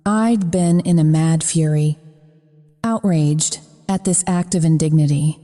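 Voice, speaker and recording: A woman's voice: on the low side, warm tone. A woman narrating a first-person romance audiobook in a frank, profane manner. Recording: long reverb.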